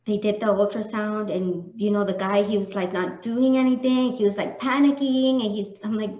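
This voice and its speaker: A woman's voice: medium pitch, steady tone, normal speed, few pauses, dark tone. A young woman, a podcast co-host earnestly telling her own story and slipping Spanish words into her English. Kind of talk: personal storytelling in casual chat. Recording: dull lo-fi sound in an echoey room.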